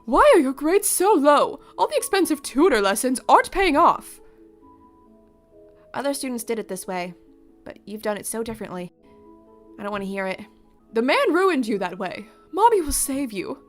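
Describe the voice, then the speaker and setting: Woman reading as a pushy, scolding mother; high, raised, insistent. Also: sing-song, normal speed, faint music behind. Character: stern, controlling mother pushing her child.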